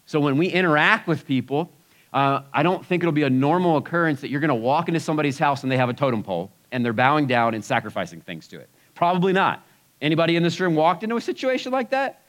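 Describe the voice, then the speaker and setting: A man preaching a sermon to a live audience in a relaxed, conversational way, swinging between loud and hushed. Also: fairly high pitch, a little fast, rough recording.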